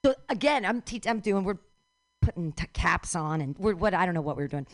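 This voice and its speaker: A woman in her thirties hosting a live radio show, telling a rambling, animated, self-deprecating story. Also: fairly low pitch, fairly quick. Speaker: show host.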